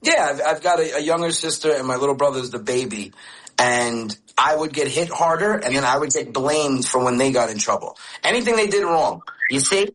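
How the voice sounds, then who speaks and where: A man's voice: mid-range voice, animated, brisk, fairly bright tone, low-quality recording. A man in his forties, raised in the United States, talking as a radio interview guest and telling candid stories with many restarts. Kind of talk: casual interview chat.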